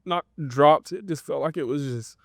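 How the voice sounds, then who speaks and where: A man telling his personal faith testimony in an interview, earnest and halting, with many pauses and restarts. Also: on the high side, creaky, no echo, studio quality. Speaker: guest sharing a personal testimony.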